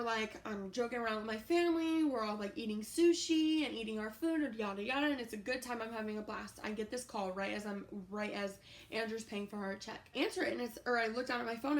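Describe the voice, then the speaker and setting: A young woman in her twenties rambles through a storytime vlog. She is loud with profanity and full of fillers. Her voice sits a little high. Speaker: YouTuber.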